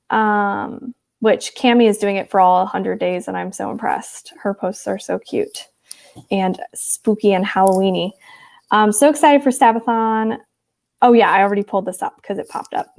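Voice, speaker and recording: A woman's voice: medium pitch, steady tone, normal speed, vocal fry, a little mellow. A woman in her twenties from Wisconsin with a Midwestern accent tinged with a Texas twang, chatting casually with viewers and rambling with lots of ums and likes. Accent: Upper Midwest American with some Texas Southern traces. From Wisconsin, USA. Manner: rambling and chatty, many ums and likes, reads out chat comments. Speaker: livestream host.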